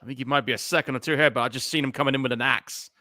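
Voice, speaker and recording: A man co-hosting live movie commentary, chatting with excitable, laughing banter. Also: mid-range voice, racing, no echo, studio quality. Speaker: co-host.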